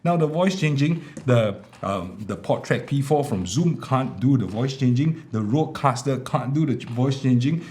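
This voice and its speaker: This mellow man is a tech reviewer demoing gear for a product vlog, speaking into a small wireless clip mic. He talks at medium pitch and normal speed with few pauses, explaining in a relaxed way packed with fillers. The home room he's in has an air conditioner.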